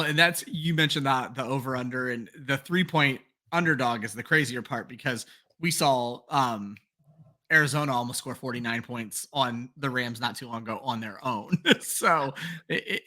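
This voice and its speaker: A man's voice: medium pitch, pushed and bright. A man co-hosting a fantasy football show, talking in a friendly, casual way and turning to the audience now and then. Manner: friendly, addresses the audience as folks. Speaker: co-host.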